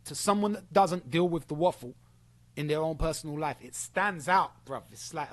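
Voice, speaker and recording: A man's voice: on the high side, moderate pace. A young man ranting at someone, confrontational and sweary, repeating himself as he builds his case. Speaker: streamer addressing a former friend. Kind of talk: ranting monologue.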